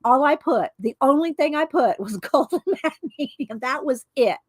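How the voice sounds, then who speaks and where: A woman's voice: high voice, lively intonation, normal speed, dry recording. A woman hosting an art livestream, chatting casually and rambling as she thanks viewers by name. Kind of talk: casual chat.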